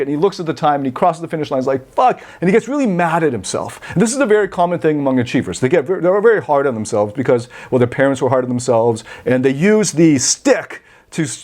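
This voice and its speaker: A man hosting a coaching podcast, telling a story in a rambling, animated way with many self-corrections. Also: on the high side. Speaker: podcast host and life coach. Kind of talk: storytelling monologue.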